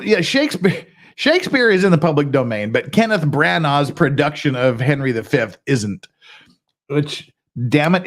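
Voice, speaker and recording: A man hosting a late-night livestream, talking to his viewers in a loose, rambling way. His voice sits a little high for a man and swings up and down a lot as he jumps between thoughts. He grumbles in a mild, self-mocking way. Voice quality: animated, self-deprecating, swears mildly. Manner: rambling with frequent restarts and laughs. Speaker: livestream host. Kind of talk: casual livestream chat.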